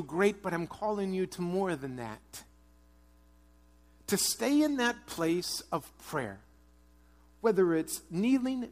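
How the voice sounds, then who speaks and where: A pastor preaching a sermon, earnest, moving between strong urging and quiet, hushed prayer. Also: male voice, high-pitched. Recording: long hall reverb.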